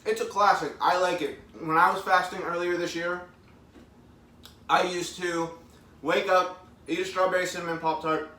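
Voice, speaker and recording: A man's voice: high voice, little pitch movement, normal speed, sharp tone. A man in his thirties hosting a casual live eating stream at home, chatting upbeat with his viewers and reading their comments aloud. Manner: chatty, upbeat, talks with mouth full, reads comments aloud. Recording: echoey room, mic at a distance.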